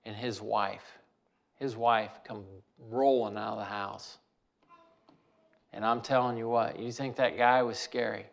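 A man's voice: fairly low pitch, steady tone, a little slow, creaky. A man telling a personal story in a folksy way, repeating phrases for emphasis.

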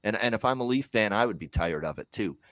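A man's voice: on the low side, expressive, quick pace, fairly bright tone, no room sound. A man co-hosting a hockey betting podcast, ranting bluntly with profanity and emphatic repetition. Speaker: co-host of a hockey betting show. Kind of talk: heated podcast commentary.

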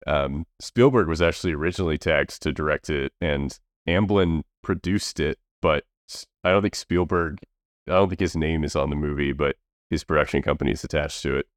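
A man's voice: extremely low pitch, fairly quick, no room sound, studio quality. A man co-hosting a podcast, chatting casually about films with lots of fillers and restarts. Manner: rambling, many fillers and restarts. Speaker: podcast co-host reviewing movies. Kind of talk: casual movie review chat.

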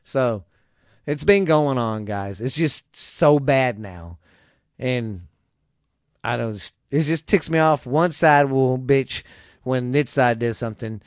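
A man's voice: mid-range voice, expressive, takes it slowly, dry recording, studio quality. A man, ranting angrily about politics to his viewers, swearing often and mimicking people he disagrees with. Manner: profane, exasperated, mocking voices of others. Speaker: vlogger. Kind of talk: angry political rant to camera.

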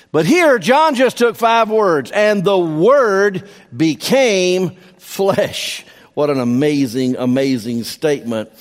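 A man preaching a sermon as pastor, emphatic, repeating key phrases for stress. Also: a little high. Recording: long hall reverb.

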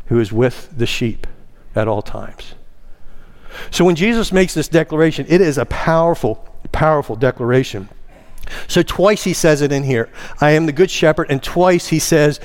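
A man's voice: lively intonation, normal speed. A man preaching in a church, stressing key words and leading the congregation in reciting together. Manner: emphatic, rising in pitch on key words; leads the congregation in call-and-response. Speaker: pastor. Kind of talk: sermon. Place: church sanctuary.

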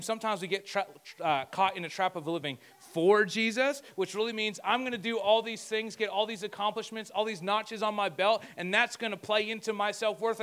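A man's voice: high-pitched, fairly bright tone. A man preaching a conversational sermon as pastor, joking and talking asides to himself.

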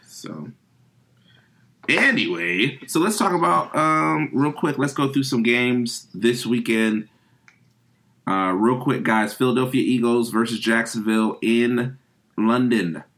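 A man co-hosting a sports podcast, talking casually with dry, deadpan humor. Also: medium pitch, takes it slowly. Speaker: podcast co-host.

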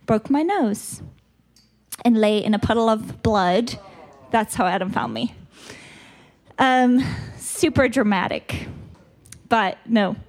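Higher-voiced South African woman teaching. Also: takes it slowly. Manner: candid, chatty, laughs at herself. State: stuffy nose. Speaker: retreat speaker. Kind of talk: conversational church teaching.

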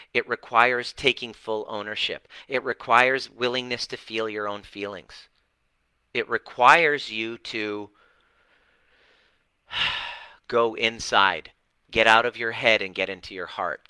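A fired-up man speaking to his online group with a very bright, sharp edge to his voice. He talks bluntly and dramatically, dropping swear words for emphasis. The sound is dry and close, with almost no room echo. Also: lowish voice, clean tone. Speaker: relationship and healing coach. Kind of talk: livestream talk to an online group.

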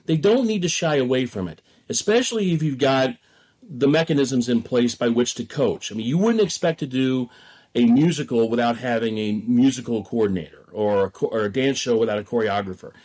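A theater director talks through his approach in an interview. He is measured and thoughtful and hedges often with "sort of". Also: medium pitch, a little mellow.

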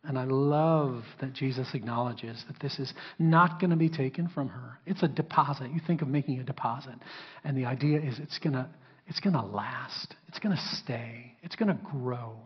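A man's voice: mid-range voice, normal speed, breathy edge, long reverb tail, muffled recording. A man preaching a sermon as pastor. He talks with the congregation, asks them to answer, and briefly acts out biblical characters in a raised, sassy voice. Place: church hall.

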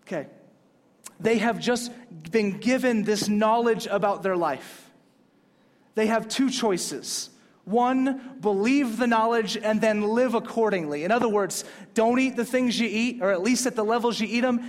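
A man preaching a sermon in a casual, conversational way, pushing up hard on key points. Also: sits high. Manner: casual, conversational preaching with rising emphatic peaks. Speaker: pastor. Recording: long hall reverb.

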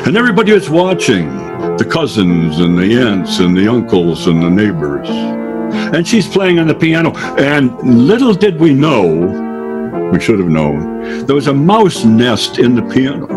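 A man's voice: mid-range voice, very animated, measured pace, over music. An older man telling a folksy childhood story to an audience, acting out the voices of the people in it.

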